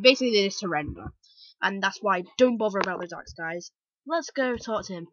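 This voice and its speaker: Bright-voiced British woman gaming. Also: medium pitch, normal speed, no echo, dull audio. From Britain. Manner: chatty, excitable, rambling asides. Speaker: let's play host. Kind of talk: casual gameplay commentary.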